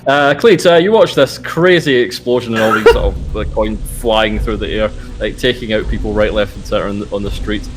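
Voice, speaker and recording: A man narrating a tabletop horror game as game master, in a relaxed, hesitant way with many fillers. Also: lowish voice, fairly quick, few pauses, faint music behind, low-quality recording. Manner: relaxed, hesitant with frequent uhs.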